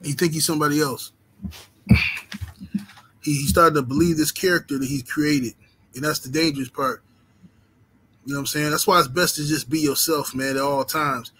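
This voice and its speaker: A man's voice: a little high, fairly even intonation, a little fast, a bit bright, a little hiss or hum, low-quality recording. Laid-back profane boxing streamer, man. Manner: laid-back, profane street talk with lots of "you know what I'm saying". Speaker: boxing channel host. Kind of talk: casual livestream chat reading the super chat.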